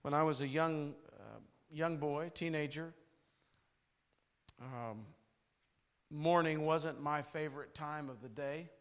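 A middle-aged man from southern Indiana preaching a sermon, swinging from hushed, slow words to loud emphatic ones. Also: a little high, smooth, in a large hall. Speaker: pastor.

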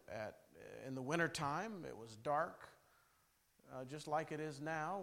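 A middle-aged man from southern Indiana preaching a sermon, swinging from hushed, slow words to loud emphatic ones. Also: fairly high pitch, long reverb tail. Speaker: pastor.

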